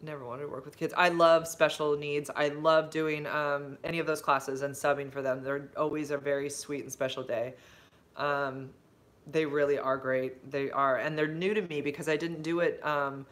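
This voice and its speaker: Her voice sits low and moves at a moderate pace as this livestreaming vlogger and substitute teacher chats into her phone, wandering from stories to viewer comments. She's rambly and side-tracked, padding pauses with ums and likes, and breaks into bright, effusive bursts when excited.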